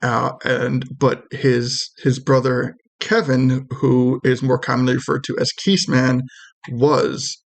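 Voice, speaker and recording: A man's voice: mid-range voice, little pitch movement, takes it slowly, gravelly. A man narrating as game master of a tabletop game, rambling with many restarts.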